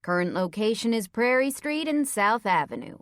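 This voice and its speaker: A woman voicing an unflappable veteran police dispatcher reading out alerts in a flat, measured monotone. The voice sits a little higher and is close and dry. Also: no echo. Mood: calm. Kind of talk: audiobook character voice.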